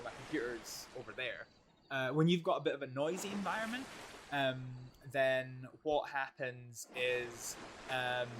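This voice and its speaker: A man's voice: mid-range voice, a little hiss or hum. A man streaming a role-play game in casual livestream chat, rambling and restarting his sentences at a home desk mic. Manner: chatty, rambling, restarts and trails off often. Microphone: desk microphone.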